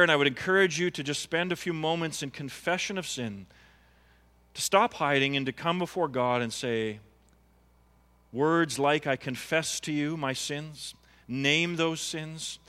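A man's voice: on the high side, sharp tone, big-room sound. A man preaching a sermon as pastor, earnest and pleading, building to impassioned appeals. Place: church.

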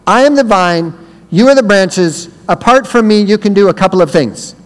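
Man, high-pitched voice, guest preacher, storytelling sermon, loud shouted bursts, long hall reverb. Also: expressive, normal speed. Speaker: guest speaker.

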